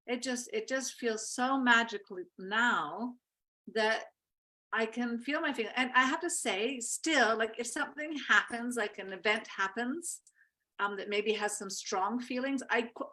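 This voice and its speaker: Woman love coach, bright high-ish voice, gentle and reflective; casual chat.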